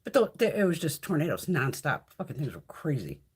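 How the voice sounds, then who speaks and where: A woman's voice: sits low, sing-song, brisk, slightly rough. A middle-aged woman hosting a casual live stream, chatting freely with viewers, swearing a lot and reading out their comments. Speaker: beauty channel host.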